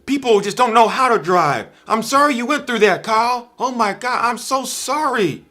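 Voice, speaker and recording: A man's voice: very high-pitched, animated, moderate pace, pushed and bright, pitched above the performer's own voice, heavily acted. A man mimicking a friend who gushes sympathy in a raised, fussing voice. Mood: gushing. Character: gushing sympathetic friend, high voice.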